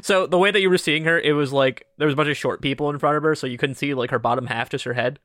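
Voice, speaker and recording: Bright-voiced male game master. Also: a little high, no echo, clean studio sound. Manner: casual, laughing, halting. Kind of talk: narrating a tabletop game.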